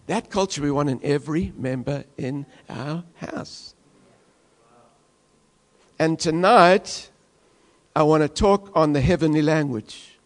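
High-voiced male pastor, impassioned sermon delivery, big swings from loud to hushed. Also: measured pace. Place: church.

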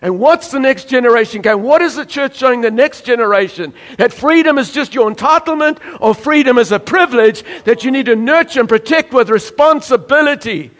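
High-voiced preaching man from South Africa. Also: a little fast, hardly any pauses, a bit bright. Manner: emphatic preaching, acting out congregation voices. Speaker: pastor. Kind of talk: sermon.

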